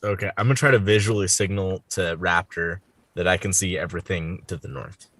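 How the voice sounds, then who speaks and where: Deep-voiced man, casual game player. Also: fairly even intonation, brisk, a bit bright, dry recording. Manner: casual, laid-back. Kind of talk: tabletop game play.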